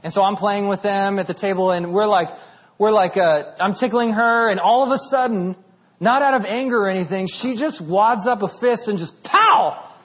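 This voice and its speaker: High-voiced pastor preaching with humor. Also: male voice, moderate pace, breathy edge, lo-fi sound. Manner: animated, humorous storytelling. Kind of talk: sermon.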